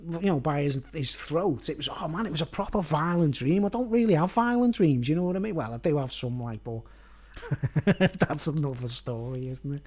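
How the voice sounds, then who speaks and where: A man's voice: fairly high pitch, darkish tone. Rambling Irish man telling a story. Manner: chatty, keeps asking "right?" and "you know what I mean". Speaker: vlogger.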